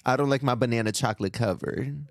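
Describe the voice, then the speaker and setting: A man's voice: medium pitch, quick pace, no room sound, studio quality. A man hosting a casual chat show, bawdy and joking, calling people "honey.". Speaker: podcast host.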